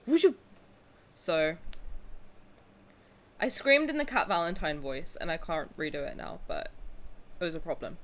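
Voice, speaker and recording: A young woman streamer chatting casually and excitedly to her viewers, dramatic and joking crudely. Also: mid-range voice. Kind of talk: casual livestream reaction chat.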